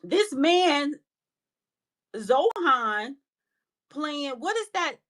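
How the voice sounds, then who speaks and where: A woman's voice: sits high, very animated, extremely slow, a bit bright. A woman hosting a live audio room, talking bluntly and with plenty of swearing about politics and calling on speakers. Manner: blunt, profane, scolding. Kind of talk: casual heated political talk.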